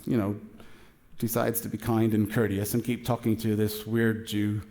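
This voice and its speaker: A middle-aged man preaching a sermon in a casual, chatty way, acting out both sides of a dialogue with lively shifts in voice. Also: lowish voice, normal speed. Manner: casual, chatty, with many fillers and asides. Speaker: pastor.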